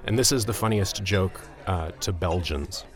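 A man telling a joke in a dry, measured way. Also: deep voice. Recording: crowd chatter behind.

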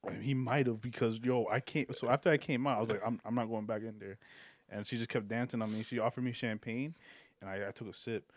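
A man's voice: mid-range voice, fairly even intonation, fast, dry recording. Young man telling a rambling story, dry. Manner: rambling, profane, laughs mid-story. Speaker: podcast guest. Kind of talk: casual storytelling.

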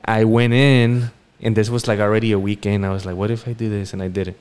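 A man co-hosting a podcast, telling a story in a relaxed, rambling way with many fillers. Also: on the low side, fast, smooth. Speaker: podcast co-host. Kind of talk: casual storytelling chat.

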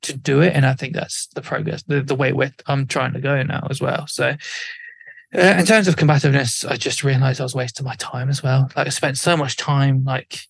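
A man's voice: mid-range voice, fairly even intonation, fairly quick, vocal fry, slightly rough, no echo. A man talking casually as a podcast guest, rambling with lots of fillers and acting out what other people would say. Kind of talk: casual chat.

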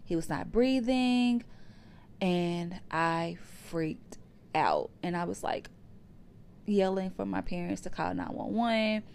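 Young woman podcasting, low gravelly voice, chatty storytelling, little hiss behind. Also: lively intonation, slow pace, a little mellow. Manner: conversational, addresses listeners as y'all. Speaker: podcast host. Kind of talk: personal storytelling to listeners. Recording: faint background hiss.

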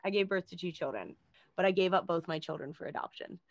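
A woman's voice: fairly low pitch, fast talker, no room sound, lo-fi sound. A woman sharing a personal story candidly in casual chat, with light laughs along the way.

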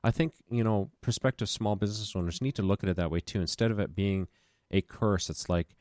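Deep-voiced man telling business stories. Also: fairly quick, a little mellow, no room sound, clean studio sound. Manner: rambling, self-deprecating, frequent restarts. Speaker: small business owner. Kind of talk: casual podcast conversation.

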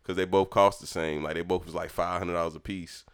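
A young man telling a lively childhood story in casual chat, acting out the people in it. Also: low-pitched, brisk, creaky, clear, resonant tone. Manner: animated, acts out voices in his story. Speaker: storyteller talking with his mother.

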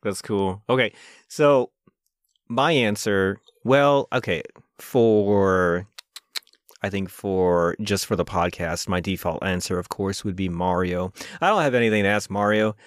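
A man co-hosting a podcast, riffing jokes quickly in casual chat. His voice sits a bit low. The recording is dry and close. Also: dry recording. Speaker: podcast host.

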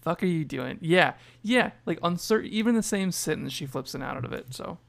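A man's voice: high-pitched, expressive, normal speed, creaky, fairly bright tone. A man in a casual podcast chat, talking loosely with lots of fillers and swearing. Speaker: podcast co-host.

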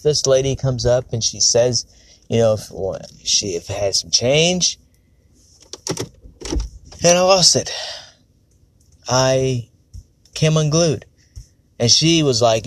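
A man's voice: medium pitch, animated, slow, long pauses. A man venting in a rambling, frank monologue, swearing often and correcting himself as he goes. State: on edge. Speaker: podcast host. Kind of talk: casual personal monologue.

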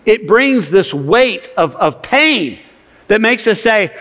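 Slow but very animated, a pastor with a high, fairly bright voice delivers an impassioned sermon in a church sanctuary. He frequently repeats words for emphasis, and the big hall lends a long reverb.

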